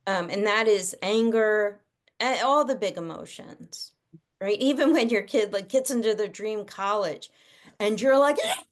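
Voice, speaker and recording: A middle-aged woman talks through parenting ideas over a video call. She speaks casually and with plenty of life, and she often drops into quick impressions of children and parents as she explains. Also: medium pitch. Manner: animated, acts out kids' and parents' voices. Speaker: guest parenting expert.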